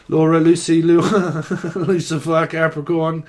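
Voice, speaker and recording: A man's voice: a little high, little pitch movement, normal speed, few pauses. A man giving a freewheeling channelled tarot reading, rambling and jokey, with a lot of swearing. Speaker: tarot reader.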